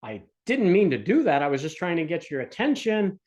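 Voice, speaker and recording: A sheepish young jock, as a man puts him on in a lecture tumbles out apologies. His voice sits a little high and rushes with nervous regret. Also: very animated, a little mellow. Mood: apologetic. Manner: flustered, over-apologetic.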